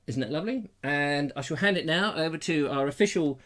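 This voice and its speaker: A man's voice: fairly high pitch, fairly quick, a bit bright. A man from England hosting a live stream, chatting in a jokey, rambling, theatrical way on a lapel mic. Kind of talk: casual live chat.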